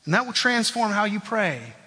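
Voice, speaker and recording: A man preaching a sermon as pastor, earnest and direct, often dropping low at the ends of phrases and calling his listeners friends. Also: sing-song, normal speed, bright, forceful tone, slightly rough. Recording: long hall reverb.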